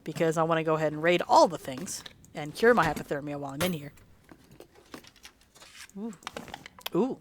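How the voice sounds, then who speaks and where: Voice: medium pitch, normal speed, long pauses, a little hiss or hum. A let's play host rambling in casual gameplay commentary, chatty and laughing often, sleepy and yawning late at night.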